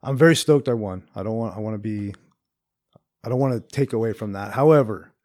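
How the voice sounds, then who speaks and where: A man's voice: on the low side, a little fast, darkish tone. A man guest on a podcast, chatting casually and rambling through stories, saying "dude" and "like" a lot. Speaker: podcast guest, jiu-jitsu competitor. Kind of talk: casual chat.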